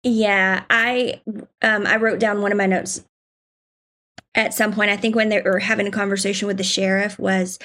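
A woman's voice: medium pitch, fairly bright tone. A woman from South Georgia, chatting casually on a movie podcast with many ums. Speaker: podcast co-host.

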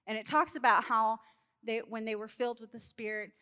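A woman preaching a sermon in an animated storytelling way, acting out characters and laughing along. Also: a little high, fairly quick, clear, resonant tone.

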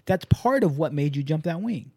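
Blunt, profane man with a mellow voice. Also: a little high, normal speed, husky, dry recording, clean studio sound. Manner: blunt, profane, animated storytelling. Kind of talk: casual chat.

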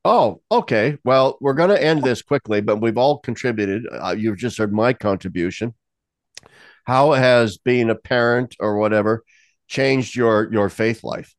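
A man's voice: mid-range voice, measured pace, dry recording. A man hosting a casual talk who speaks candidly, jokes and laughs often. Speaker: host. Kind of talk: casual conversation.

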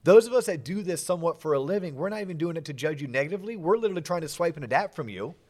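A man's voice: on the high side, lively intonation, racing, a little mellow. A middle-aged man hosting a podcast, chatting casually and animatedly with self-deprecating jokes. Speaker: podcast host. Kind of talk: casual interview chat.

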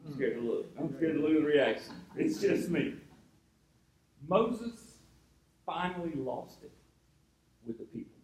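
Male pastor, high voice, chatty sermon with asides, roomy echo. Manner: conversational preaching with asides to the congregation.

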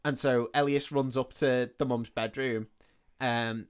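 A man co-hosting a podcast, casually retelling a film plot in an animated way and quoting the characters as he goes. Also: medium pitch, a little slow, smooth. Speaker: podcast co-host. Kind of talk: casual film recap chat.

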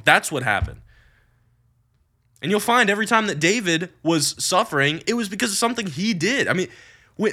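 Bright, forceful male preacher. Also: high-pitched. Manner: earnest and emphatic. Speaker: youth preacher. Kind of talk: teaching on prayer.

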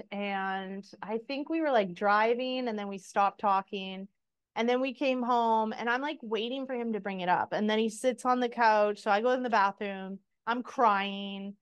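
A woman's voice: mid-range voice, moderate pace, smooth, highs cut off. Candid, swearing woman podcast co-host. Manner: candid and animated, swears freely, laughs while telling stories. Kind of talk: casual chat.

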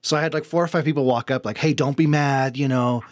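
A man's voice: medium pitch, fast talker, dry recording, clean studio sound. A young man chatting casually, telling a story with lots of laughter. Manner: animated storyteller, laughs often. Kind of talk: casual chat.

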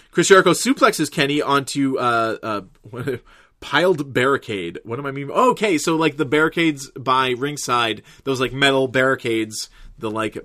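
Bright-voiced casual male reviewer. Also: mid-range voice, no echo, clean studio sound. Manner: rambling, full of filler words, swears casually. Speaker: wrestling and TV reviewer. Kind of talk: casual recap commentary.

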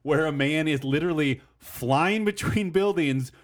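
A man's voice: on the high side, unhurried. A man in casual podcast chat, rambling and thinking aloud with many "like" fillers, often laughing.

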